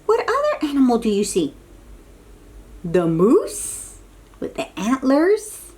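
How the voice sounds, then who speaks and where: A woman reading a picture book aloud to toddlers, animated and sing-song and coaxing, sometimes dropping to soft whispers. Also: high-pitched, slow. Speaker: children's book reader.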